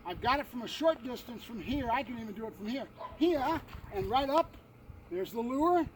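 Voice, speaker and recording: A man's voice: extremely high pitch, lively intonation, moderate pace. A man working as a dog trainer outdoors, explaining drills and calling out short commands to his dog, often tagging on "right?". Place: outdoors by a fence and a building. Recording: distant mic with noticeable outdoor noise.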